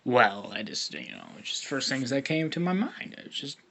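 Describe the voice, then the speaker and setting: A man's voice: medium pitch, wildly swooping pitch, normal speed, creaky, bright, forceful tone, exaggerated voice. A man playing a cocky mischievous teen ninja. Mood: defensive. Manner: loose, rambling, filler-heavy.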